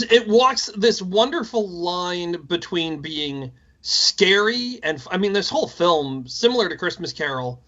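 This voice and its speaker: A man's voice: fairly high pitch, sharp tone, highs cut off. A man co-hosting a podcast, chatting enthusiastically and rambling about a film he loves. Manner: enthusiastic, rambling, self-deprecating. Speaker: podcast co-host. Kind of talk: casual movie commentary chat.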